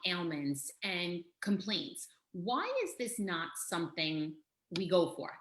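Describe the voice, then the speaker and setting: A middle-aged woman, a health and life coach, telling her story as a podcast guest in a lively, laughing way. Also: on the low side. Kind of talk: casual interview storytelling. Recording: echoey room.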